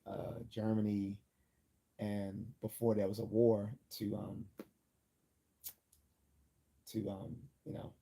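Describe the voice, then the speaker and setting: A man's voice: on the low side, flat delivery, slow, creaky, long pauses, mellow, breathy edge. A man hosting a livestream, talking casually and rambling, with many fillers, restarts and small chuckles. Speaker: livestream host.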